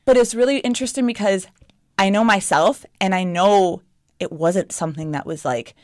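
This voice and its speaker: Blunt, animated young woman in dry studio sound. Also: mid-range voice, moderate pace, no room sound. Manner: blunt, animated storytelling with lots of "like". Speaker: podcast host. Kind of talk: casual chat.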